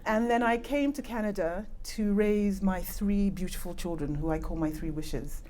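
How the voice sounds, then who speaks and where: A woman with a mid-range, dark voice presents earnestly at a conference, speaking at a moderate pace over slight background noise. Nigerian-born and British-raised with a British accent, she uses a handheld or clip-on mic in the conference room and chats about it in asides.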